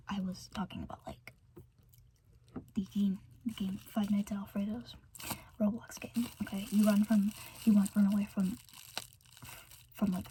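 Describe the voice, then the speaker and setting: A woman hosting casual ASMR, rambling in a soft whispered role-play voice with many fillers. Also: mid-range voice, background noise. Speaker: ASMR channel host.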